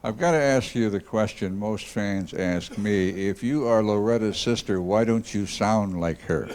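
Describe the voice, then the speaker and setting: A man hosts an interview with easygoing, folksy questions. His voice sits a little low and stays unhurried throughout. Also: a little mellow, slight background noise. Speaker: host. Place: concert hall stage.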